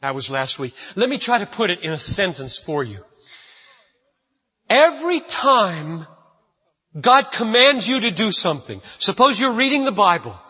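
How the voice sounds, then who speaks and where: A man's voice: sits high, very animated, brisk, few pauses, bright, forceful tone, slightly rough. A man preaching a sermon as pastor, emphatic and repeating his key phrases, recorded in a church. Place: church sanctuary. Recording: dull lo-fi sound with long hall reverb.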